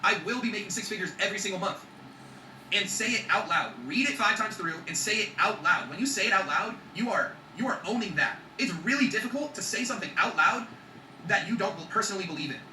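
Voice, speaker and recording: Fast-talking, bright-voiced motivational man. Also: high voice, lively intonation, echoey room, far from the mic, slight background noise, rough recording. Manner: emphatic, swears freely, keeps checking in with "okay?". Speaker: vlogger. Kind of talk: motivational vlog talk.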